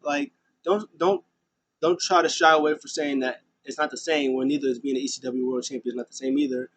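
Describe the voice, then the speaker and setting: A man's voice: medium pitch, steady tone, a little fast, a bit bright, rough recording. A man hosting a casual recap vlog of a wrestling show. He rambles, fills gaps with "uh" and "um", and acts out the lines of the people he quotes.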